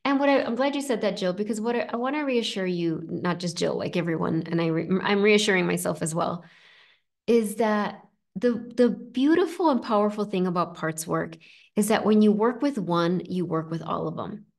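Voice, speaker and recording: A woman coach leading a live online session, talking gently and reassuringly, with frequent fillers and restarts. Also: mid-range voice, moderate pace, vocal fry. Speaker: inner child coach. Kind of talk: live coaching session, reading chat comments.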